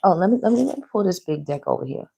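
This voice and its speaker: A woman's voice: fairly low pitch, very fast, creaky, heavy background noise. A middle-aged woman, a tarot reader talking casually and animatedly to her viewers and calling them baby and girl. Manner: chatty and animated, calls listeners baby and girl, laughs often.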